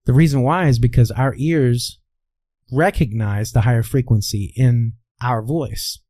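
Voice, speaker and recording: A Midwestern American man, a voice coach, speaks as an interview guest, explaining things like a teacher and posing rhetorical questions he then answers himself. His medium-pitched voice is animated and dark in tone, his pace a little slow. The recording has no echo.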